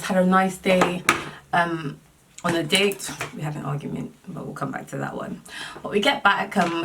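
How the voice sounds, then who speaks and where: A woman vlogger telling a dating story in a casual, animated and exasperated way. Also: lowish voice, far from the mic.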